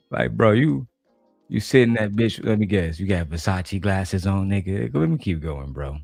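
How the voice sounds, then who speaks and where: A man from Detroit with a deep, low voice tears into a panel in loose, profane slang. His talk is blunt and trash-talking, recorded dry and close with a faint music bed. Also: expressive, measured pace, creaky, darkish tone, no echo. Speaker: commentator reacting to a panel clip. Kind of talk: profane reaction commentary.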